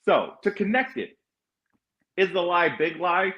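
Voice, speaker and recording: A man's voice: high voice, animated, unhurried, pushed and bright, highs cut off. A man from California hosting a casual panel chat, rambling and restarting his sentences often. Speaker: podcast host.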